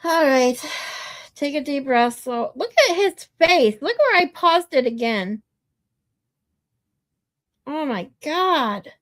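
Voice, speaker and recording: A high-voiced woman streamer chats in a slow, unhurried way. She is amused and talks back to paused footage as she comments on it. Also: animated. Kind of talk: casual chat.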